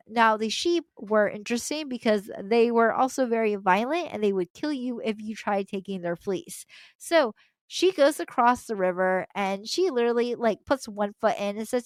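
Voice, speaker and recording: A woman's voice: on the high side, lively intonation, normal speed, dry recording. A young adult woman, a podcast host, retelling a story casually with slangy asides and frequent laughter.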